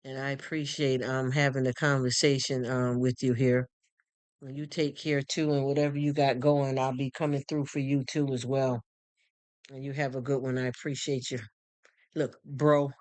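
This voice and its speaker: Streamer rambling warm to chat, smooth voice, dry close sound, lots of thank yous. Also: medium pitch, little pitch movement, moderate pace, no room sound. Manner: warm, rambling, heartfelt talk with repeated restarts; greets chat viewers by name and thanks them. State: choked up, near tears. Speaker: live streamer. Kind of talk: casual live stream chat.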